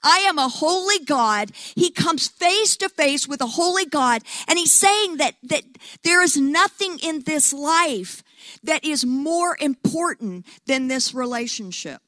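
A woman preaching a sermon who tells stories in an animated way, acts out quotes, and often repeats words as she goes. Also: high-pitched, unhurried, no echo, clean studio sound.

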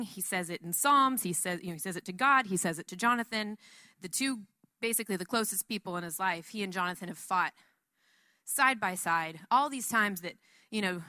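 A woman giving a casual Bible teaching in a chatty, animated way, full of asides. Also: mid-range voice, dry recording, studio quality.

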